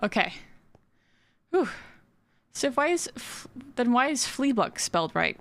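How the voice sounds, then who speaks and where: A woman's voice: fairly high pitch, very animated, measured pace, long pauses, no room sound. A woman streamer chatting casually while building in a game, giggly and full of fillers. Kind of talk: casual gaming stream chat.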